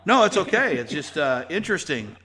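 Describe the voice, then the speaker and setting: A man's voice: a little high, sing-song, fairly quick, crowd noise. A man hosting a casual call-in talk show, chatty and upbeat with loose fillers. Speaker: podcast host.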